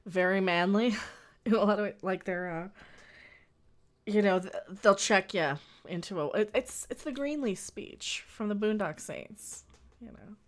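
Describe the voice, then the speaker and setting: A woman with a medium-pitched voice and measured pace hosts her own late-night internet show from home in Las Vegas. Her rambling is playful and cheeky, and she frequently breaks off mid-sentence to restart.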